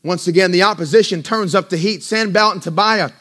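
A man preaching a sermon as pastor, mixing conversational asides with rising, drawn-out emphasis. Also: sits high, bright, forceful tone. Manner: conversational asides with self-deprecating laughs.

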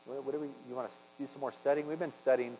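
A man preaching a conversational sermon, swinging from loud emphasis to hushed tones. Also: medium pitch, steady tone, very fast, big-room sound, a little hiss or hum, low-quality recording. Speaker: pastor.

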